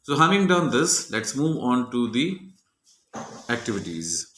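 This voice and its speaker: Male teacher explaining French grammar methodically, bright tone, roomy echo. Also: mid-range voice, very animated, a little slow, a little hiss or hum. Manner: methodical, walks through each answer step by step.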